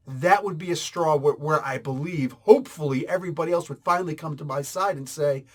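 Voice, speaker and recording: A man's voice: fairly high pitch, normal speed. Heated, emphatic male comic reviewer. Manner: heated, emphatic, repeats himself. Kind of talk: casual opinion commentary.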